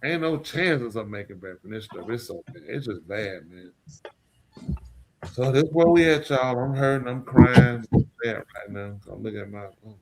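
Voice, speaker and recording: A man's voice: medium pitch, moderate pace, very noisy. A man hosting a podcast in casual chat, rambling and lamenting, repeating himself in drawling, slangy speech. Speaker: podcast host.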